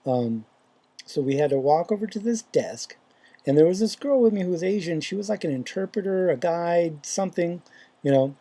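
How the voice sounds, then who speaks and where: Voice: mid-range voice, expressive, moderate pace, mellow. A faith vlogger casually retelling a dream, rambling and hesitant, with lots of fillers and restarts.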